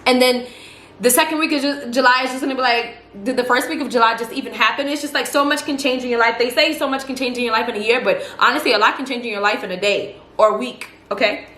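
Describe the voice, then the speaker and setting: A woman giving a casual tarot reading, animated and repeating phrases for emphasis as she talks straight to her viewers. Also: a little high, quick pace. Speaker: tarot reader. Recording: echoey room with faint noise.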